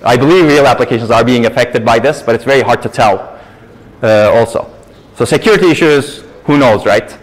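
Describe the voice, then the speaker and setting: Speaking fairly quickly in a mid-range voice, a man lectures at a university and answers questions from the audience in a lecture hall. He's explanatory and emphatic, repeatedly stressing points and using "actually" a lot, captured on poor audio.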